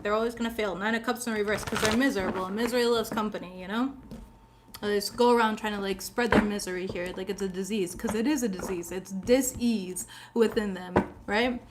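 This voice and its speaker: A woman with a slightly high voice gives a casual tarot reading. She talks in a chatty, blunt and sassy way, swears freely, and laughs often between her points. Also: background noise. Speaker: tarot reader.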